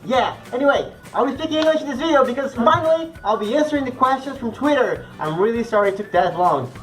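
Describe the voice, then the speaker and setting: A man's voice: extremely high pitch, animated, quick pace, a bit bright, faint music behind, poor audio. Bubbly young man with a Portuguese-speaking accent. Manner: playful, bubbly and chatty. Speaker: vlogger answering fan questions. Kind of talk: casual chat.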